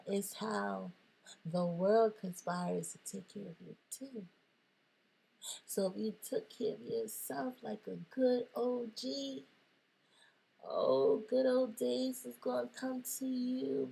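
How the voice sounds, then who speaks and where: A woman speaking straight to her viewers in a playful motivational monologue. Her voice is gravelly and very husky, and she talks slowly and unhurriedly. She is animated and swings between whispers and sudden squeals. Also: medium pitch. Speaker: motivational vlogger.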